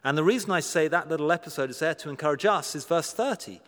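A man preaching a sermon, earnest and emphatic, slowing down to stress key words and asking rhetorical questions with dry humor. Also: on the high side, a bit bright. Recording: long reverb of a large hall.

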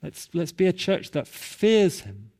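A man's voice: on the high side, very animated, unhurried, darkish tone. A male pastor preaching a sermon, telling a story and building to emphatic repeated calls.

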